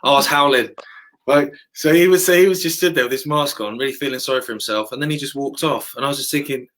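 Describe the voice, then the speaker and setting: A man in casual conversation, talking at a brisk clip. He tells his story with animation, jumping into other people's voices as he goes. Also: medium pitch, a bit bright, low-quality recording. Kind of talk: casual chat.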